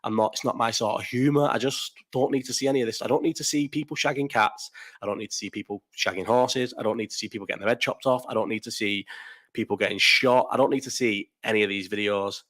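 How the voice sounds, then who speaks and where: Young bloke hosting a live stream: blunt, sweary, rambling chat with plenty of restarts. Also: male voice, on the low side, steady tone, fast talker, a bit bright.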